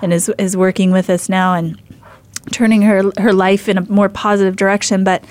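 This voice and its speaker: A woman's voice: mid-range voice, flat delivery, fairly quick, darkish tone. Chatty middle-aged woman telling a story. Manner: chatty, rambling with many fillers and restarts. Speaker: faith show host. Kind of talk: casual storytelling.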